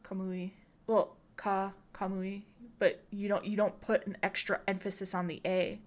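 A woman's voice: medium pitch, level tone, normal speed. Chatty woman hosting a podcast. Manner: chatty, rambling with many fillers. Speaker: podcast host. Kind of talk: casual podcast chat.

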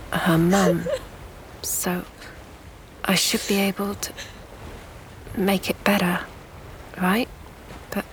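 A woman reading a first-person story aloud in a hushed, breathy half-whisper. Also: fairly low pitch, slight background noise. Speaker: audiobook narrator. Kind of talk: first-person dramatic narration.

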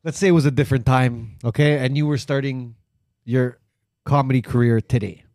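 Mellow-voiced male podcast host. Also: mid-range voice, steady tone, brisk. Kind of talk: casual podcast interview.

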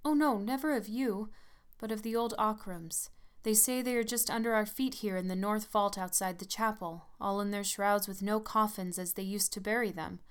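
A woman's voice: medium pitch, steady tone, moderate pace, smooth, lightly acted. A woman voicing a nervous, fearful young woman, pleading and anxious in a gothic story.

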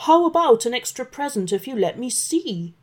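A woman's voice: on the high side, lively intonation, unhurried, darkish tone. A woman voicing a nervous, bumbling Santa Claus, an old man who stammers and fibs cheerfully.

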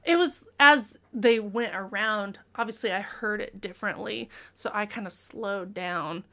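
A woman's voice: mid-range voice, a little slow, pushed and bright. A woman in her thirties, a podcast guest in casual chat, bubbly, laughing often and acting out her own stories.

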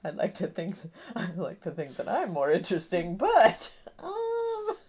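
A woman playing a tabletop role-playing game, giggly and expressive. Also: lowish voice, moderate pace, husky. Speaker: player.

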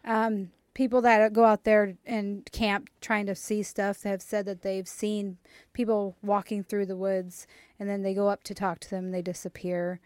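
A woman's voice: mid-range voice, normal speed, dry recording, studio quality. Chatty woman telling a ghost story. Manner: relaxed storytelling with fillers. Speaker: podcast co-host. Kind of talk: casual chat.

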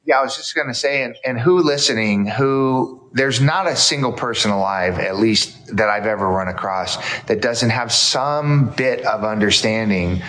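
A man's voice: medium pitch, normal speed, hardly any pauses, a little hiss or hum. A man, a guest author, talking earnestly in conversation and acting out quotes as he tells stories. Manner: earnest, storytelling with animated quotes. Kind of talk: casual conversation.

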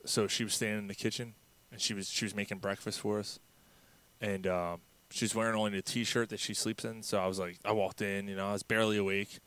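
A man's voice: on the low side, flat delivery, a little fast, a bit bright, clear, resonant tone. A man co-hosting a talk show, blunt and insistent, swearing casually as he trades stories. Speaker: co-host. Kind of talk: casual profane banter.

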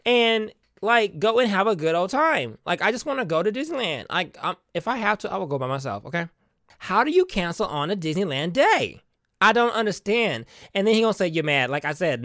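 A young woman ranting casually to her viewers, exasperated and profane, turning loud one moment and quiet the next while she fires rhetorical questions. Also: mid-range voice, no echo, studio quality. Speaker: vlogger. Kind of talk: casual comedic rant to camera.

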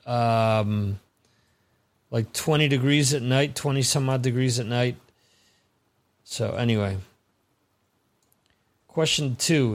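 A man's voice: on the high side, fairly bright tone. A man hosting a live-streamed trivia quiz, reading questions and scores with chatty, rambling asides.

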